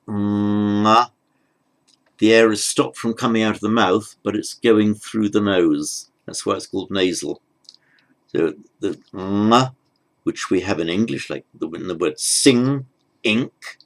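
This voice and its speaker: A man's voice: fairly low pitch, low-quality recording. A man teaching a pronunciation lesson, patiently demonstrating each sound and repeating it.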